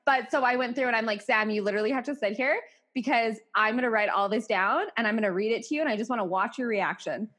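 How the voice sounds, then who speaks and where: A woman with a Canadian accent hosts a podcast in a bubbly, chatty way. Her voice sits a little high, and she laughs often while acting out what people said. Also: quick pace, fairly bright tone. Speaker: podcast host. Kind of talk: casual podcast chat.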